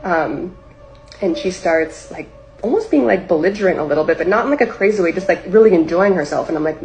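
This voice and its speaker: A woman's voice: lowish voice, animated, brisk, a little mellow, low-quality recording. A woman telling a personal story in casual livestream talk, rambling with lots of "like" and acting out her own past lines.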